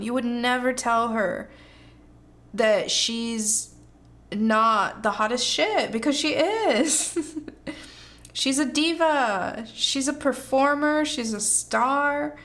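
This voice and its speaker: A woman gives a pick-a-card tarot reading at an unhurried pace. She gushes and hypes the listener up in slangy, effusive talk, often breaking into laughter. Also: sits high, a bit bright. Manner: gushing, hyping, laughs often. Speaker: tarot reader.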